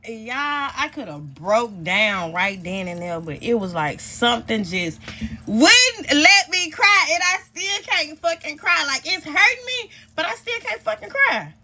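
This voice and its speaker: Animated high-pitched storytelling woman. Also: measured pace, a little hiss or hum. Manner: animated, profane, addresses viewers directly. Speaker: storytime vlogger. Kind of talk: casual storytime rant.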